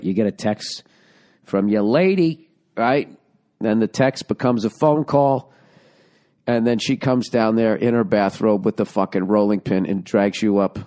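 A man's voice: on the low side, darkish tone. A middle-aged man hosting his own podcast, rambling and sarcastic as he swears his way through a casual monologue, recorded at home. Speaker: podcast host.

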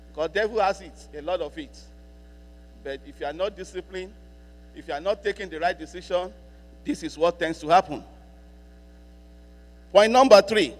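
High-pitched pastor preaching in an echoing hall. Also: male voice. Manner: preaching with emphatic repetition, slowing to read scripture. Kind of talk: sermon. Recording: long hall reverb with mains hum.

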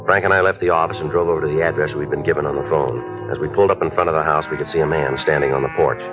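A man narrating and questioning as a police detective in a 1950s radio drama, in a clipped, flat, matter-of-fact way. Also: extremely low pitch, racing. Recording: dull lo-fi old radio broadcast with music.

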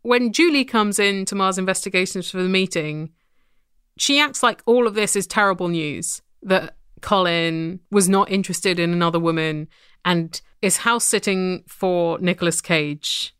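A woman's voice: on the low side, moderate pace, a bit bright, clean tone, dry recording. A woman co-hosting a podcast, recapping a TV episode in casual chat with dry, wry humor. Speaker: podcast co-host.

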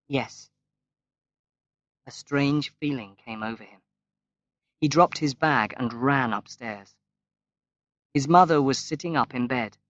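Slow, measured male audiobook narrator. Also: mid-range voice, no room sound. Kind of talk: scripted narration. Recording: dull, lo-fi, dry recording.

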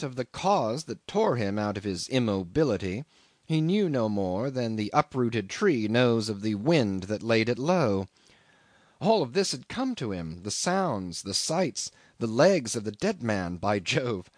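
A man narrates a classic novel in a measured, expressive reading. His pitch moves widely over each phrase. The recording is dry and close, with no room sound. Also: dry recording. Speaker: audiobook reader. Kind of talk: scripted narration.

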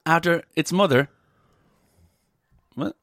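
A man's voice: on the high side, slow pace, a bit bright, dry recording, clean studio sound. A man co-hosting a podcast, reading out a weird news story and joking about it with lots of swearing. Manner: sweary, laughing, reads news aloud. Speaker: podcast co-host. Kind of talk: casual comedic chat.

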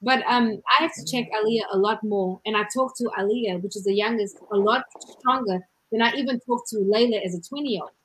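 A woman in casual chat about raising her daughters, blunt and animated, laughing often. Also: mid-range voice, brisk, hardly any pauses, low-quality recording.

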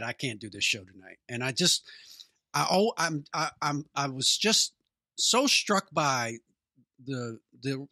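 Podcast cohost guy, bright and bouncy, lots of yeahs and rights, dry close sound. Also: mid-range voice, no room sound. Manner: engaged listener, frequent short backchannels, thoughtful questions. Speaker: podcast co-host. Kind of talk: casual interview chat.

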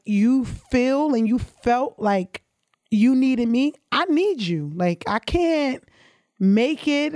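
A young woman chatting warmly as a guest on her sibling's podcast, emotional and quick to laugh. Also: on the high side, dry recording, clean studio sound. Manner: fast, emotional, laughs often. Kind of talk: casual heartfelt chat.

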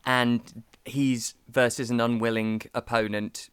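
A man's voice: mid-range voice, little pitch movement, slow pace, fairly bright tone, clear, resonant tone, no room sound. A young British man hosting a podcast in casual chat, telling stories with animation and acting out the voices of the people in them. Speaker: podcast host.

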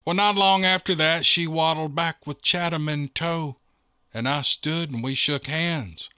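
Bright dry male storyteller. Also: on the high side, fairly even intonation, measured pace, clean tone, dry recording. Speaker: narrator. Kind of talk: first-person storytelling.

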